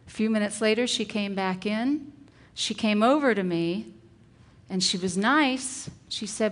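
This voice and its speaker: A middle-aged woman, a teacher, giving a parenting talk and acting out calm, firm example phrases. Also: medium pitch, a little slow.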